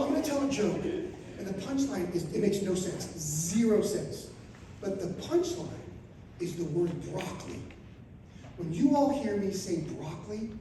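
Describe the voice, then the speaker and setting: A stand-up comic in his fifties from Florida tells crude stories, leaping into loud animated outbursts. His voice comes from some distance away in a very echoey room, with faint noise underneath. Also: sits high. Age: 50s. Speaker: stand-up comedian. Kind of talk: stand-up comedy set. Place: RV resort event room, live audience.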